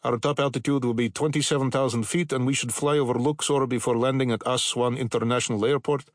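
A man's voice: mid-range voice, steady tone, fast, no echo, studio quality, natural voice. A man voicing a formal male pilot with a Middle European accent, making cabin announcements.

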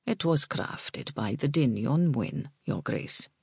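A woman voicing an old male druid who speaks with slow, solemn courtesy. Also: mid-range voice, animated, gravelly, slightly rough, no room sound, clean studio sound, voice pushed down, heavily acted. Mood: respectful.

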